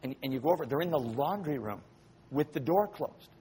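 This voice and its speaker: A man's voice: on the high side, animated, brisk, dark tone, slight background noise. A man preaching a sermon who tells stories vividly, acts out scenes and keeps asking his listeners questions. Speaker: pastor.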